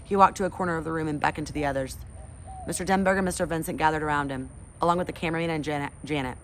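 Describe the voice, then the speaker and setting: A lowish-voiced woman reading a story aloud. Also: fairly even intonation, racing, slight background noise. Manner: friendly, chatty sign-off. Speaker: teacher reading to class.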